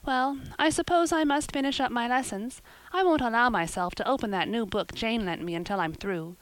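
A chatty, dreamy young girl pours out long eager sentences in a lifted, higher voice, as a woman reads her part. The storybook voice sits in a dry, close sound. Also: fairly quick, dry recording, natural voice, poor audio. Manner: eager, run-on, wordy talk.

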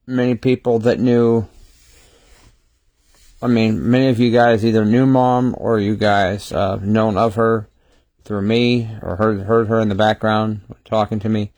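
A weary man speaks into his phone on a casual livestream. His voice sits low and barely rises or falls. He talks haltingly, with many fillers and restarts, in a close, dry sound. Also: level tone, a little mellow, no echo. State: tired, short on sleep. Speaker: livestream host.

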